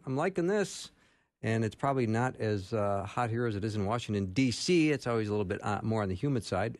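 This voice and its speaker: A man's voice: medium pitch, dry recording. Guy hosting a talk radio show, chatty, lots of ums, dry close studio sound. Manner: chatty, with many fillers and laughs.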